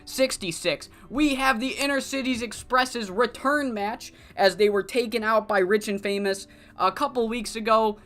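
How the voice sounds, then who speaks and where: A woman's voice: a little high, normal speed, few pauses, a bit bright. A woman streamer casually narrating a wrestling management game. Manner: casual, swearing, chatty.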